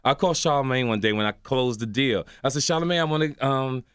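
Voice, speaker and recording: Older man, lively storyteller. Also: medium pitch, quick pace, smooth, dry recording, studio quality. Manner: excitable storyteller, acts out other voices, laughs while talking. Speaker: guest comedian. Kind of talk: animated radio interview storytelling. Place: radio studio.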